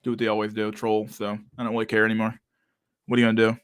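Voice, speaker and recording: A man's voice: on the low side, monotone, very fast, clean tone, no echo, studio quality. A young man hosting a casual livestream chat, talking with a lisp and a stutter and many fillers as he reads out chat messages. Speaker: livestream host reading chat.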